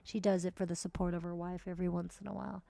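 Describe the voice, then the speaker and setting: A woman's voice: lowish voice, little pitch movement, very fast, vocal fry, dark tone, no room sound. A woman streaming a life-simulation game, chatting casually and swearing now and then as she plays. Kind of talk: casual gameplay commentary.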